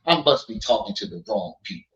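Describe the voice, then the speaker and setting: A man putting on a low, slow impression of a boastful streamer who calls himself chosen. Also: sing-song, a bit bright, reverberant, lo-fi sound.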